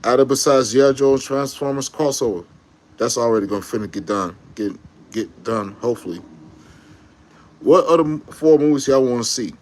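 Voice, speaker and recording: Brief: male vlogger, average pitch, excitable slangy fan rant, rambling with self-corrections. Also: a little fast. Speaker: YouTube commentator. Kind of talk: casual fan rant to camera.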